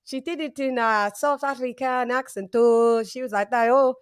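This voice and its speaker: A woman chats casually as the host, animated and full of anecdotes. Her voice sits a little high. She keeps slipping into quoted voices as she tells each story. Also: normal speed, clean tone. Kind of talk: casual chat.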